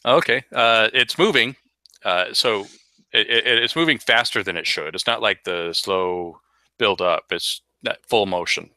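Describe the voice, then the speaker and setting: Man, game master narrating, low voice with a very bright, sharp edge, dry close sound, halting delivery. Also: dry recording. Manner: narrates with frequent uhs and repeats.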